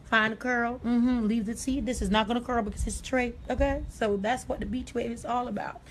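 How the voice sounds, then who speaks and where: A woman's voice: fairly high pitch, steady tone, a little fast, a little hiss or hum, low-quality recording. A woman with a Jamaican accent, hosting a chatty live hair tutorial and calling viewers honey. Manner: sassy, calls listeners honey. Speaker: hairstylist host.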